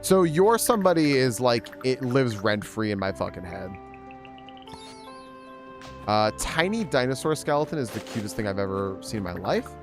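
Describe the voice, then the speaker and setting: A man's voice: medium pitch, sing-song, moderate pace, over music. A man streaming a game, telling stories casually, swearing a lot and full of filler words. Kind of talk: casual gaming stream storytelling.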